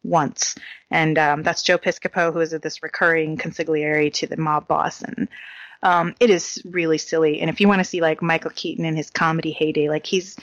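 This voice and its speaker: A woman's voice: sits low, little pitch movement, normal speed, a bit bright, dry recording, muffled recording. A woman co-hosting a casual talk show, chatting in a giggly way about silly comedies. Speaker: podcast co-host.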